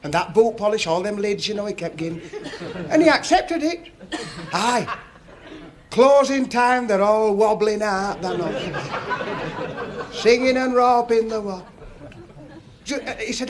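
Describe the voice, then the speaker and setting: A man's voice: high voice, measured pace, pauses often, a faint crowd. A man with a Northern English accent telling stand-up jokes in a chatty, folksy dialect before a live audience. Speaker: stand-up comedian.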